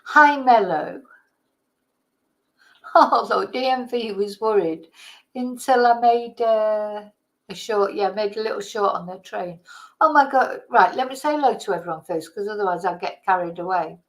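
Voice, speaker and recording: A middle-aged woman chatting on her livestream in a loose, rambling way, calling out hello to viewers by name. She sounds a little tired, and her voice sits at an everyday middle pitch. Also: normal speed, low-quality recording. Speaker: livestream host. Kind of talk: casual live chat.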